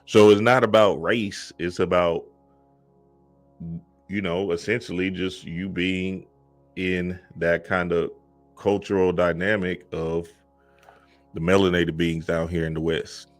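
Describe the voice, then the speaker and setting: A man's voice: sits low, level tone, takes it slowly, faint music behind. A man talking in a casual, emphatic monologue, often asking "you feel me" and acting out quoted voices. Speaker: spiritual content creator.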